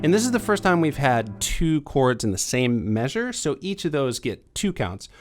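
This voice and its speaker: A man's voice: mid-range voice, normal speed. Young male piano teacher, easygoing explainer, mid-range voice, recorded over piano. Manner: relaxed explaining, counting beats aloud. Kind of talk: piano lesson. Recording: piano playing under the voice. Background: piano playing.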